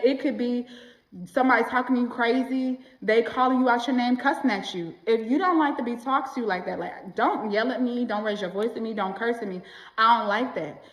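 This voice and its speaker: A woman giving casual motivational talk to camera, animated and slangy, often acting out the voices of people she quotes. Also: a little high, echoey room, rough recording. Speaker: self-help vlogger.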